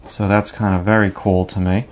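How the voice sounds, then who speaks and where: A man's voice: low voice, flat delivery, normal speed, highs cut off. A man with a New York accent narrating a drawing lesson, talking casually and thinking aloud as he works. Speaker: drawing teacher.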